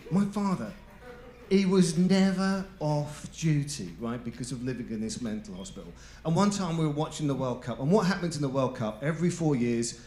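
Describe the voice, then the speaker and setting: A man doing a stand-up comedy set, telling stories with animated character voices and shouted punchlines. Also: medium pitch, slight background noise. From England. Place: comedy club stage before a live audience. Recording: echoey club room with live audience.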